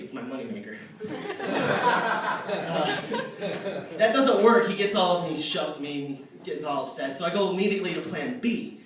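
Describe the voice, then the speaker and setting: A man's voice: a little high, lively intonation, moderate pace, long pauses, far from the mic, noisy background. Young man doing rambling stand-up in an echoey hall. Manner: rambling, self-deprecating storytelling with fillers. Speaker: stand-up comedian. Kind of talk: stand-up comedy set. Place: arts center stage.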